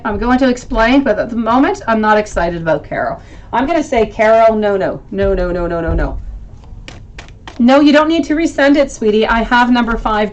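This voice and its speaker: A woman hosting a live tarot reading stream, talking to viewers and calling them sweetie as she reads the cards. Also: medium pitch. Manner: affectionate, calls viewers sweetie, thinks aloud. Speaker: tarot reader, livestream host.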